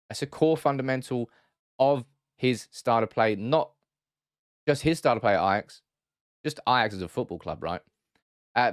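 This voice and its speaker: Man, football analysis host, casual tactical breakdown, dry close sound, mid pitch. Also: no echo. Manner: chatty, self-correcting, hesitant restarts.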